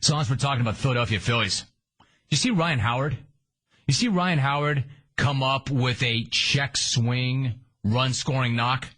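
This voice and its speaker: A man's voice: medium pitch, moderate pace, a bit bright. A man hosting a sports talk radio show, sarcastic and emphatic in a punchy monologue.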